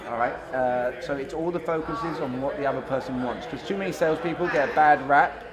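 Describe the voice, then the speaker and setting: A man giving a blunt, animated sales-training talk to a live audience, acting out both sides of conversations. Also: medium pitch, a little fast, a crowd in the background.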